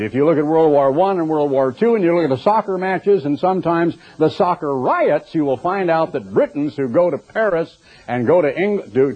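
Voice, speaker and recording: A man's voice: on the high side, husky. Older male preacher, conversational and digressive. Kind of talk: radio sermon. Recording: dull lo-fi recording.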